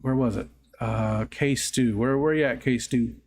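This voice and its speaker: A man's voice: mid-range voice, unhurried, darkish tone. A middle-aged man hosting a livestream, telling rambling stories in casual chat, often correcting himself and laughing. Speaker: livestream host.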